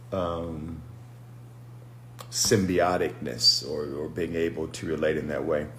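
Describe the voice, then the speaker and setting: A preacher and deliverance minister giving a reflective, unhurried livestream teaching, greeting viewers by name as he goes. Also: extremely low pitch, flat delivery, pushed and bright, slight background noise. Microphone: phone livestream.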